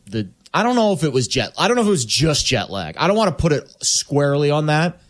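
A man on a sports talk panel, rambling through points with homespun comparisons. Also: medium pitch. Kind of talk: casual sports debate.

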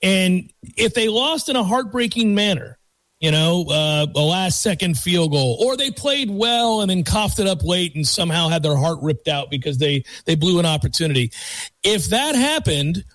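A man with a high-pitched voice hosts a sports talk radio show, chatting casually. He wanders and corrects himself as he goes. The sound is dry and close, with no room in it. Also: animated, normal speed, a bit bright, no echo. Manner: rambling, conversational with self-corrections. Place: radio studio.

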